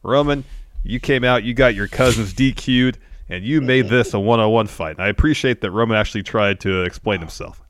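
A man co-hosting a wrestling podcast, giving a steady play-by-play recap in a casual chat. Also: lowish voice, a little fast, dry recording.

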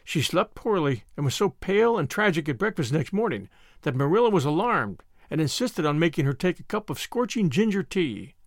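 A man reading a classic novel aloud as narrator, measured and expressive. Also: fairly high pitch, no echo, clean studio sound.

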